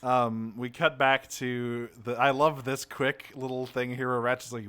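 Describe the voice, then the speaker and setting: A man's voice: mid-range voice, measured pace, few pauses, clear, resonant tone. A man co-hosting a podcast, chatting casually about a cartoon episode and acting out the characters' lines. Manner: animated, acts out character lines. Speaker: podcast co-host. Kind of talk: casual chat recapping a cartoon.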